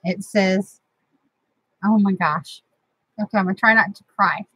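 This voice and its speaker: A woman's voice: mid-range voice, unhurried, fairly bright tone, husky, dry recording, low-quality recording. A middle-aged woman, chatting casually and sentimentally as host of a crafting vlog from her home craft room.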